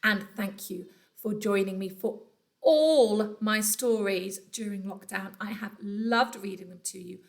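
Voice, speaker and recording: A woman teacher reading a children's storybook aloud from home, telling it in an animated, dramatic way. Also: medium pitch, a little slow, vocal fry. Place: at home during lockdown.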